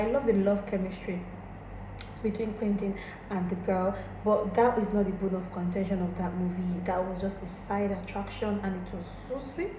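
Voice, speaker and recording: A woman casually and effusively chatting about a movie, exclaiming and repeating herself as she gets excited. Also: mid-range voice. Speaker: movie reviewer. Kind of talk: casual chat. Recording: echoey room with background noise.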